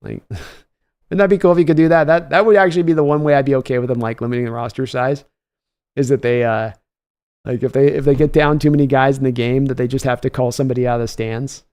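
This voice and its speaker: A man hosts a casual livestream and reads viewer comments aloud. His talk is chatty and loose, and he chuckles often at mid pitch. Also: steady tone, fast talker, a little mellow, smooth. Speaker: host.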